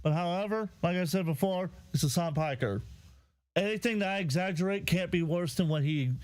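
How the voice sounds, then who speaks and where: A man hosting a live commentary stream, voice pitched high for a man. He rants with heavy profanity in a flat, deadpan way. The sound is dry and close with no room echo. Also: a little fast. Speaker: host.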